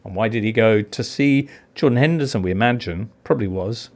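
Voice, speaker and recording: A man's voice: fairly low pitch, a little fast, darkish tone, slight background noise. A man hosting a football podcast, leading segments in a jokey, casual way. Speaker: podcast host. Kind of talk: casual chat.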